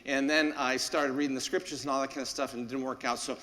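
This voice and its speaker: A man's voice: medium pitch, steady tone, fast, creaky, pushed and bright, long reverb tail. A man, a parish priest, giving a folksy, anecdotal homily full of fillers and asides. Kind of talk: conversational homily.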